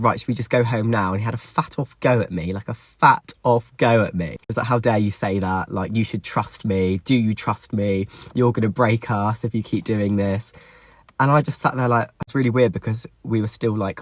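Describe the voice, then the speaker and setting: A young man tells a painful personal story straight to camera, emotional and full of swearing. His voice is somewhat husky and sits a little low. The recording is close and dry. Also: no echo. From England.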